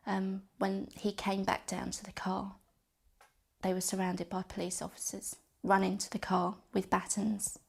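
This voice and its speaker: A woman recounts her family's loss in an interview, her speech halting and full of restarts. Her voice is gravelly and stays flat in pitch, at a middle height for a woman. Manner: halting, with repeated words and restarts. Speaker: bereaved sister interviewed. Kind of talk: personal testimony interview.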